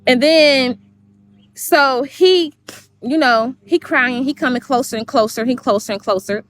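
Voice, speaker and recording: A woman's voice: high-pitched, unhurried, a bit bright, a little hiss or hum. A woman on a livestream, telling a long story in a rambling way, cursing and repeating herself. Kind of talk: heated livestream monologue.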